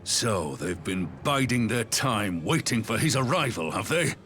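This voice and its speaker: A man voicing a gruff older male army commander who speaks in a deliberate, commanding way. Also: fairly low pitch, sing-song, a bit bright, slight background noise, pitched below the performer's own voice. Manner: deliberate, commanding speech with old-fashioned phrasing.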